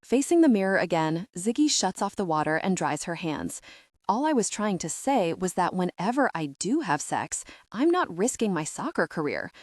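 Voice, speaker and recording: A woman reading an audiobook in first-person narration, reflective and even. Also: on the low side, moderate pace, no echo, clean studio sound.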